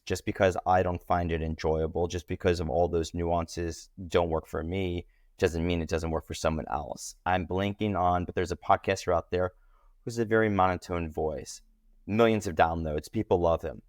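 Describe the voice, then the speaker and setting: Man, podcast guest, deep voice, animated delivery, dry close sound. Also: normal speed, no room sound. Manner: animated, lively pitch jumps. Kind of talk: casual interview conversation.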